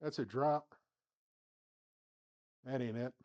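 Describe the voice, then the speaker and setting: A man's voice: mid-range voice, slow pace, darkish tone, muffled recording. A man hosting a sim golf channel, talking through his own round shot by shot, muttering to himself and swinging between flustered and upbeat. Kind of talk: casual play-by-play commentary. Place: home golf simulator studio.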